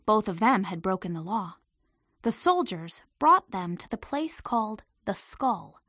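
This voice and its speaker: A woman reading a storybook aloud in an expressive, lively way. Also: medium pitch, a little slow, dry recording, clean studio sound.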